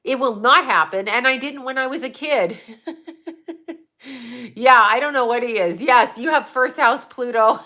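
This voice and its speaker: A woman's voice: on the high side, measured pace, long pauses, bright, forceful tone. A woman hosting a casual livestream and answering her chat, talking in a blunt, profane, outspoken way.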